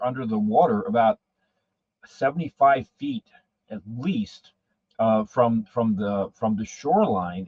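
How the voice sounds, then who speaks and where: A man's voice: mid-range voice, slightly rough, no echo. Guy on a call rambling through a story, dull lo-fi sound, dry. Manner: rambling, repeats words. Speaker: podcast guest. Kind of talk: casual storytelling.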